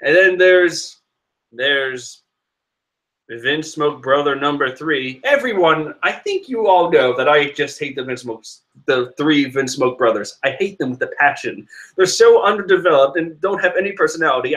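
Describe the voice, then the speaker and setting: A man's voice: on the high side, lively intonation, moderate pace, fairly bright tone. Joking, sarcastic man reading along. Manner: sarcastic and joking, laughs often. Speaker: manga reader commentator. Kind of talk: casual chapter read-through with commentary.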